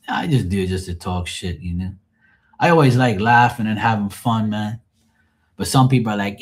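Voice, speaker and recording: Deep-voiced man rambling on a livestream. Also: moderate pace, slightly rough. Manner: rambling, profane, joking. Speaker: livestream host. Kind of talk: casual livestream chat.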